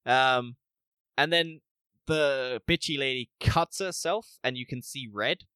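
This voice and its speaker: A man co-hosting a casual podcast review, animated, acting out scenes and laughing often. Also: medium pitch, slow pace, smooth, dry recording. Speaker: podcast co-host. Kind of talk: casual spoiler review chat.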